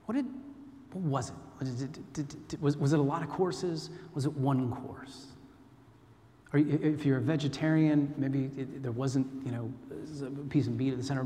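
A man's voice: mid-range voice, warm tone. American male preacher, conversational storyteller, mid-range voice, echoing big hall. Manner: chatty, self-deprecating, storytelling. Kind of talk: informal sermon. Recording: long hall reverb.

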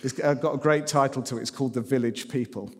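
A man's voice: mid-range voice, fairly even intonation, fast. A man telling personal stories in a sermon, conversational and self-deprecating. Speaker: preacher. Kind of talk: sermon storytelling. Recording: long reverb in a hall.

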